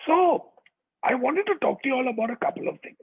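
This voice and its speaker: A man's voice: extremely high pitch, animated, brisk, slightly rough. A man giving a chatty motivational talk over a video call, checking in with his audience as he goes. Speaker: motivational speaker. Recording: tinny online call audio.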